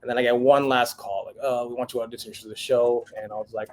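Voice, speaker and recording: Here a podcast guest, a chef in his thirties, relates a story in a relaxed way while mimicking the people he quotes. He talks quickly in a medium-pitched voice, an animated storyteller through and through.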